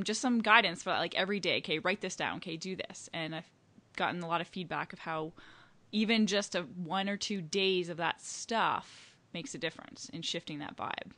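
Woman, podcast co-host, casual friendly chat, trailing phrases, bright tone, dry close sound. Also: fairly low pitch, no echo.

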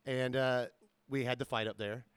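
A man's voice: mid-range voice, steady tone, normal speed, smooth, no echo. A man from Georgia co-hosting a podcast, rambling through stories and chuckling as he talks. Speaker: podcast co-host. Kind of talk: casual storytelling chat.

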